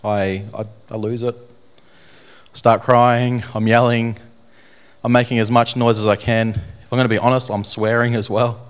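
A man's voice: mid-range voice, little pitch movement, clear, resonant tone. Earnest man giving a testimony. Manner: earnest, halting, repeats phrases. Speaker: speaker telling his testimony. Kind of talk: personal testimony talk to an audience.

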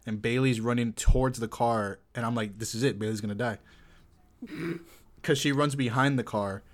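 A man with a mid-range voice telling an everyday story. His delivery is relaxed and conversational. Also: medium pitch, moderate pace. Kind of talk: casual chat.

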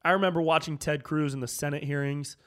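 A slightly high-pitched man rants on his podcast, loose and profane, calling everyone "dude". He drops into mumbled asides, then fires back up with comic outrage. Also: fairly even intonation, quick pace, a bit bright. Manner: loose and profane, peppered with "dude", jumps between mumbling and fired-up. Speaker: comedian and podcast host. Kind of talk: casual ranting monologue.

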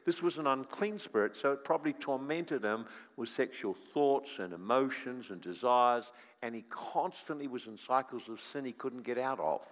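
A middle-aged man preaching a sermon, telling stories and swinging from quiet to loud. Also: mid-range voice, normal speed, hardly any pauses. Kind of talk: sermon with storytelling. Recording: long echo of a large hall.

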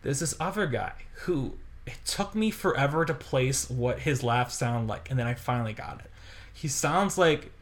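A man co-hosting a podcast, chatting casually and telling long, animated stories with lots of fillers and laughter. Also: medium pitch, moderate pace. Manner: rambling, animated storytelling with many fillers and laughs. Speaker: podcast co-host. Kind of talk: casual chat.

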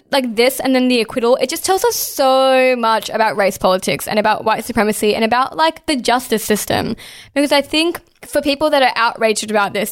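A woman's voice: high voice, clear, resonant tone. A woman co-hosting a casual political discussion, talking in an impassioned way, swearing often and saying "like" a lot.

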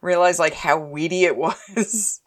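In this casual chat, a woman speaks in an unhurried, loose manner with a strikingly low, deep voice. Her stories about everyday life are lively, and laughter frequently interrupts them.

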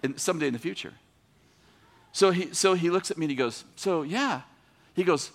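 A man's voice: on the high side, moderate pace, pauses often. A man preaching on a podcast, telling a long story with laughs and growing emphasis.

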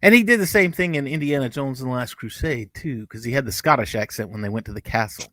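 Casual review co-host, man, middle-pitched, rambly and chatty, dry close sound. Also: expressive, fast, a bit bright, dry recording. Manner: rambling, chatty, with frequent restarts and asides. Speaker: podcast co-host reviewing TV episodes.

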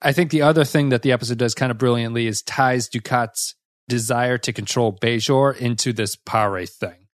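Man, podcast co-host, casual review talk, wry and critical, mid pitch, dry close mic. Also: fairly even intonation, moderate pace, dry recording.

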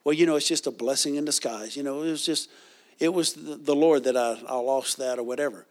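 A man's voice: medium pitch, a little fast, darkish tone. A man preaching a sermon, reading scripture and leading the congregation in call-and-response.

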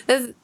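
A woman co-hosts a podcast in casual chat. Her voice is a little high. She reacts quickly with teasing questions. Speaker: podcast co-host.

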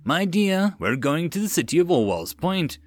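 A man's voice: fairly high pitch, very animated, normal speed, voice pushed up. A man doing a gleeful old headmaster. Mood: playful. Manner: playful, fond. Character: cheerful old male headmaster, childlike excitement.

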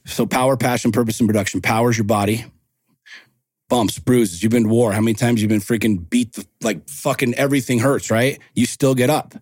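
A man's voice: mid-range voice, steady tone, fairly quick, darkish tone, no room sound, clean studio sound. Blunt, profane man in his forties. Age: 40s. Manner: blunt, profane, impassioned storytelling. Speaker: podcast guest, men's coach. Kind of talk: casual interview talk.

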